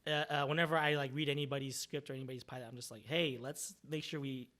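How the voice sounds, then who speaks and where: A man hosting a casual podcast chat, animated and playful, sometimes rising into mock outrage. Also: mid-range voice, fast talker. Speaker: podcast host.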